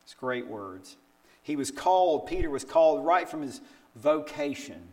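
Older male pastor, sermon delivery, animated storyteller who tosses out rhetorical questions and leaps up in pitch for quotes. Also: measured pace. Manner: acts out quotes with big pitch jumps.

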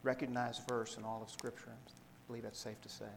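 A man preaching a sermon, reading scripture aloud in a measured way and explaining it to the congregation. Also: medium pitch, little pitch movement, vocal fry, in a large hall, a little hiss or hum, poor audio. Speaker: pastor.

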